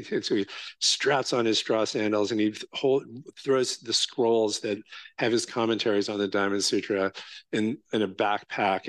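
A man's voice: on the low side, no echo. A male Zen teacher giving a conversational dharma talk with many fillers, restarts and a frequent "right?".

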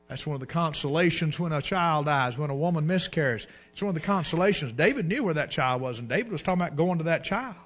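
A man's voice: expressive, fast, hardly any pauses, a bit bright. A man preaching a sermon in a folksy storytelling way, acting out the people in his stories. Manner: folksy storytelling, acts out dialogue with rising pitch and volume.

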